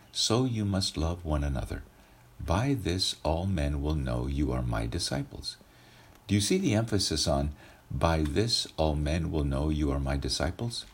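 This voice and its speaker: Male preacher, very low and husky, lively emphatic sermon delivery. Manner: emphatic, rhetorical questions to listeners.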